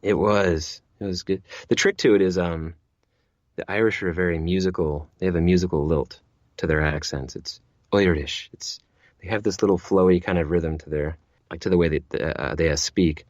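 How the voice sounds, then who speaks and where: A man's voice: deep voice, steady tone, moderate pace, a little mellow, no echo, highs cut off. A man who narrates audiobooks, chatting as an interview guest, rambling with many restarts and repeated words. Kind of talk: casual interview chat.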